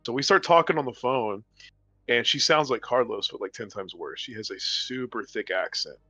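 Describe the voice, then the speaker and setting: A man with a medium-pitched voice hosts a gaming podcast and comments on the game, speaking at normal speed with no echo. He casually chats and tells a rambling, animated anecdote over gameplay, laughing and putting on quoted voices. The mic sounds dull, dry and lo-fi, with game music behind him.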